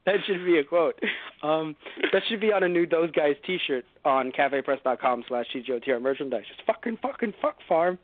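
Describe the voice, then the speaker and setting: A man co-hosting a casual podcast, talking in an animated, rambling way and swearing a lot. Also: a little high, fairly quick, phone-quality sound. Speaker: podcast co-host.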